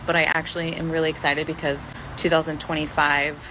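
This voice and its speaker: A woman's voice: low voice, flat delivery, brisk. A woman venting to the camera in a bitter, profane emotional monologue, recorded with noise and passing vehicles behind her. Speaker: person venting in a video clip.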